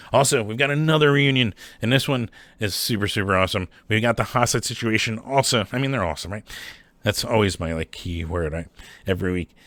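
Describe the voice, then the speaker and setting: A man's voice: fairly low pitch, fairly bright tone, dry recording. A man hosting a casual rundown of local shows, rambling and enthusiastic, swearing and often asking "right?". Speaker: host. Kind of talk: casual show listings.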